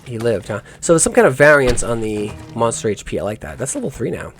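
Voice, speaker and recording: A man's voice: mid-range voice, sing-song, quick pace, soft background music. A man giving let's play commentary on a game, musing aloud in rambling asides and correcting himself as he goes. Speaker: gaming YouTuber.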